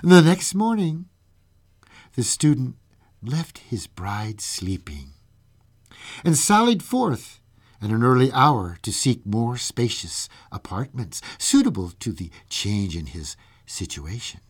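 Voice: mid-range voice, very animated, takes it slowly, slightly rough. A radio host giving a dramatic reading of a classic ghost story, with playful spooky asides.

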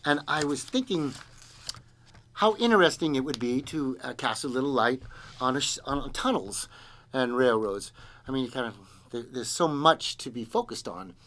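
A man's voice: medium pitch, animated, normal speed, a bit bright, a little hiss or hum. A man hosting his own show, talking in a loose, rambling, jokey way and poking fun at himself. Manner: self-deprecating, rambling, jokey. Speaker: host and singer. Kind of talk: casual rambling monologue.

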